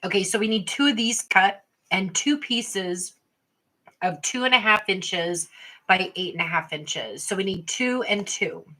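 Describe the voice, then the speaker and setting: A woman's voice: mid-range voice, measured pace, pushed and bright. A woman hosting a casual livestream craft tutorial, chatting straight to her viewers as she explains each step. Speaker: craft workshop host.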